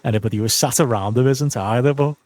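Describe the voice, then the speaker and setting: A man co-hosting a podcast chats loosely, with many fillers and laughs along the way. His pitch sits in the middle of the male range. The sound is dry and close. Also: fast, a little mellow, no room sound. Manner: chatty, full of fillers, laughing. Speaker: podcast co-host. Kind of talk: casual podcast review chat.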